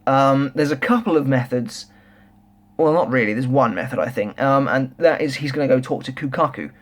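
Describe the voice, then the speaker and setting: A young man reviewing a manga chapter in a casual, rambling, excitable way, full of restarts and filler words. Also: medium pitch, normal speed. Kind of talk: casual solo review chat.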